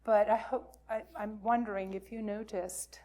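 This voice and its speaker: A woman minister reading a folktale aloud to a congregation in a slow, expressive storytelling manner. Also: mid-range voice.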